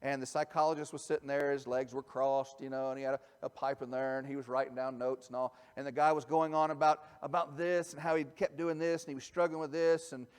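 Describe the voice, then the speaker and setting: A man, a pastor, preaching a conversational sermon that moves from quiet asides to loud emphasis. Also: mid-range voice, level tone, fast talker, hardly any pauses, clear, resonant tone. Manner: conversational, swings from soft asides to shouted emphasis. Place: church sanctuary. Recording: church hall with long reverb.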